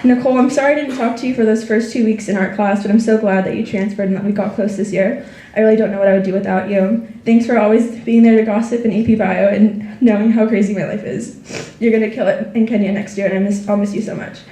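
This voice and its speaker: A woman's voice: mid-range voice, steady tone, fast talker, hardly any pauses, warm tone, roomy sound, far from the mic. A teenage girl reading a heartfelt senior speech to her friends and family, close to tears. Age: teens. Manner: heartfelt, reading thank-yous. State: tearful, near crying. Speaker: graduating student. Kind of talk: senior speech read aloud.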